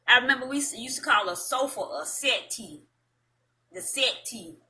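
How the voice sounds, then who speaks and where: A woman's voice: on the high side, lively intonation, moderate pace, bright, forceful tone. A middle-aged woman with a Southern US accent, chatting casually as a vlog host, rambling and folksy with frequent ums and laughs. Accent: Southern US (North Florida, Georgia-like). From Madison, Florida, US South. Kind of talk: casual chat to camera.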